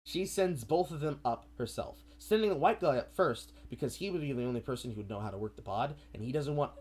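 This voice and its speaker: Animated man recapping a film. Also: medium pitch, fast, breathy edge. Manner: animated, profane storytelling. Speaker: stream co-host.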